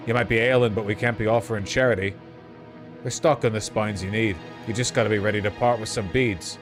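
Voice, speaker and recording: A man's voice: on the low side, steady tone, fairly quick, over music, natural voice. Man doing Cockney-accented scrappy bug traders. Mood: haggling. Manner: gruff, folksy haggling.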